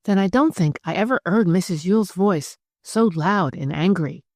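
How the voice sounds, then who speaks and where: A woman voicing a timid young Victorian housemaid, earnest and a little higher than her narration. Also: moderate pace, darkish tone, no room sound, studio quality.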